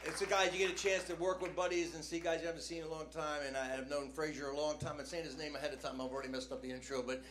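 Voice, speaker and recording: A man's voice: fairly high pitch, little pitch movement, racing, hardly any pauses, fairly bright tone, reverberant, slight background noise. An older man from New Jersey telling stand-up stories on a comedy club stage, talking casually with lots of "man" and "you know", sometimes acting out announcers and crowds. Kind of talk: stand-up storytelling. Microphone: handheld stage mic. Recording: live club recording, faint crowd ambience.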